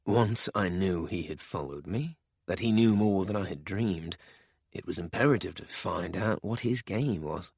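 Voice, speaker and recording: A man voicing a ruthless spymaster who talks quietly and with cold contempt. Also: sits low, measured pace, vocal fry, slightly rough, no echo, full character voice.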